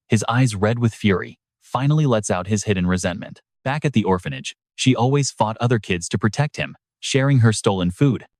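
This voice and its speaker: Male recap narrator: low, steady storyteller, dry booth sound. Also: dry recording. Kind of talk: scripted narration.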